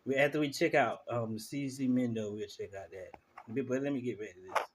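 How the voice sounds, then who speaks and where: A man streamer giving casual live commentary, telling stories in animated slang. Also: mid-range voice, fairly quick, noisy background. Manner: animated storytelling, slangy, laughs through stories. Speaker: streamer reacting to clips.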